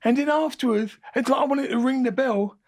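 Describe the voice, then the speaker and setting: A man in his sixties, a boxing guest telling fight stories in an energetic, animated way and repeating his phrases. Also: very high voice, fairly quick, no echo, clean studio sound. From England. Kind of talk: animated storytelling interview.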